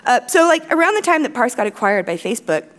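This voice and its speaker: A woman speaking on stage at a tech conference as a company chief, blunt and profane, with quick self-mocking asides. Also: a little high, big pitch swings. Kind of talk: live conference talk. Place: large conference hall stage.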